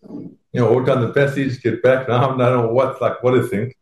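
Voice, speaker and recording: A South African man, a former rugby player, telling an animated, self-deprecating anecdote and acting out the voices of the people in it. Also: mid-range voice, moderate pace. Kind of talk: anecdotal storytelling. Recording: roomy echo.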